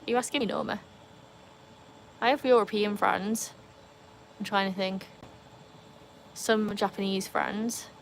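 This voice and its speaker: A woman's voice: medium pitch, gravelly, fairly bright tone, a little hiss or hum. A woman with a Welsh accent hosts a casual livestream outdoors by a pool, chatting to viewers and reading their comments over a phone. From Wales. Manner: chatty, reads and answers comments. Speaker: livestream host. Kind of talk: casual live chat.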